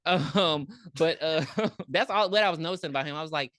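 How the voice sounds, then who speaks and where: A woman's voice: sits low, moderate pace, fairly bright tone, dry recording, clean studio sound. A woman co-hosting a podcast, retelling a movie's plot in casual chat, acting out the characters' lines and swearing freely. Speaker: podcast co-host.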